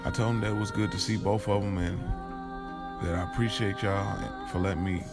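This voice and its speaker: Gravelly low-voiced male storyteller. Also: steady tone, loud music behind the voice. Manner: conversational, halting restarts. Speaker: narrator. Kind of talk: first-person audio drama monologue.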